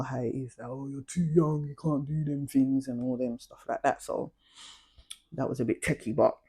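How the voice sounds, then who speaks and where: A woman's voice: rumbling low, warm tone, slightly rough. A young adult woman, chatting casually and confidingly about her past in slang-heavy storytelling. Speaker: vlogger.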